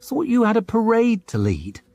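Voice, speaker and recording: A man's voice: extremely high pitch, huge pitch swings, moderate pace, darkish tone, no echo, soft background music, pitched above the performer's own voice, full character voice. A man voicing a blunt, earthy young northern woman with a dry, teasing way of talking. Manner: dry, teasing, plain-spoken.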